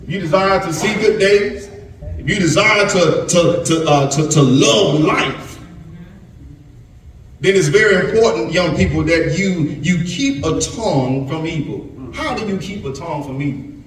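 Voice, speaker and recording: A male pastor with a high, expressive voice delivers an unhurried sermon to young people, full of repetitions and stammered restarts. He's recorded from far off in a very echoey church sanctuary, with a little hiss or hum.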